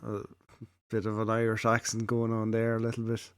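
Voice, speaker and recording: A man's voice: lowish voice, monotone, a little fast, smooth, no room sound. Chatty man reacting to old ads. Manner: chatty, laughing along. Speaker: reaction video host. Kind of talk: casual reaction commentary.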